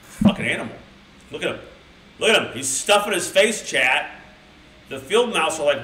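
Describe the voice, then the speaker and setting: A man's voice: on the high side, sing-song, moderate pace, long pauses, sharp tone. A man streaming, reading a children's book aloud to his live chat with crude, rambling, mock-outraged asides. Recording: roomy sound from a distant mic.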